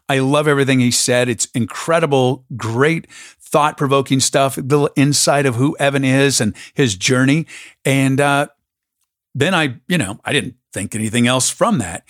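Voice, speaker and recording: A man's voice: mid-range voice, dry recording. Upbeat storytelling man, dry close sound. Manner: enthusiastic storyteller, animated. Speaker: podcast host. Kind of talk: casual conversation.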